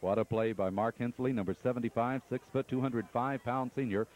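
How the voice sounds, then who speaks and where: Brisk man calling football on radio. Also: mid-range voice. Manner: brisk, steady play-calling. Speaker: play-by-play announcer. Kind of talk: radio play-by-play commentary. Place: press box at a football stadium.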